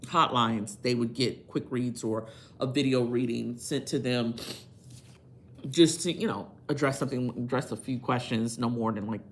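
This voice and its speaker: A woman's voice: very deep voice, normal speed, slight background noise. Earnest woman giving a tarot reading. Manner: earnest, emphatic, preachy pep talk. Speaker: tarot reader. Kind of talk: casual tarot reading video.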